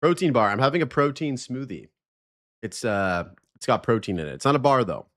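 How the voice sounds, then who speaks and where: A man's voice: mid-range voice, lively intonation, brisk, a bit bright. A man hosting a live stream, chatting casually, greeting viewers and joking.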